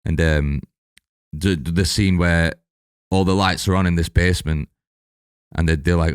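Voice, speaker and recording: A man in casual chat, retelling a film scene with lively detail and frequent swearing. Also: sits low, moderate pace, clean tone, dry recording, clean studio sound. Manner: animated storytelling, swears often.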